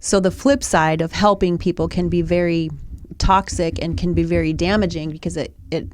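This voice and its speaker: Low-voiced woman telling a story. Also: fairly even intonation, normal speed, dry recording. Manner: rambling with many restarts and fillers. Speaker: podcast co-host. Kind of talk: casual storytelling chat. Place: podcast studio.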